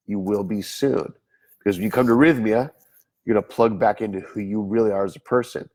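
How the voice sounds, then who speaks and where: A middle-aged man talking casually as a therapist, acting out his own inner voice and little dialogues. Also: fairly low pitch. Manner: relaxed, conversational, acts out his inner voice and dialogue. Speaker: therapist speaking at a wellness center. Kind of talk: casual talk to camera.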